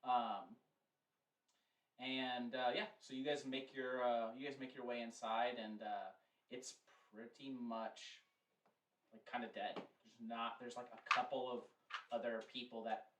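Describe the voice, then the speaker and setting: A man's voice: medium pitch, level tone, a little slow, a bit bright. Man game master, rambling narration, roomy sound, distant from mic. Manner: rambling, lots of fillers.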